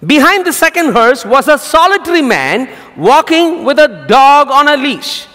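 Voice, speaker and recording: Animated man preaching in a reverberant hall. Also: extremely high pitch, normal speed. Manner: lively storytelling preacher. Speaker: pastor. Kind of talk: sermon with jokes.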